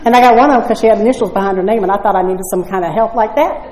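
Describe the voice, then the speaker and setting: A woman's voice: medium pitch, rapid-fire, darkish tone. A woman telling her personal story at a recovery meeting, blunt and conversational, often asking "right?". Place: meeting room. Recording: echoey room.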